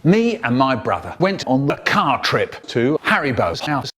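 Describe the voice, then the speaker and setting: A man's voice: mid-range voice, sing-song, unhurried, fairly bright tone, soft background music. A man telling a childhood story in sentence-mixed clips, jumping into character voices.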